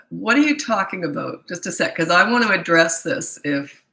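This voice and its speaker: A woman's voice: lowish voice, animated, normal speed, vocal fry, pushed and bright, roomy sound, poor audio. A middle-aged woman, a parenting coach answering viewer questions live, blunt and incredulous, often laughing and mocking the questions.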